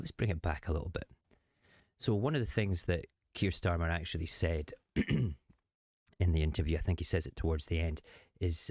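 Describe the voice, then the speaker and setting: A man's voice: low-pitched, darkish tone, dry recording, studio quality. A man hosting a show, chatting casually and sarcastically about politics. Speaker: host.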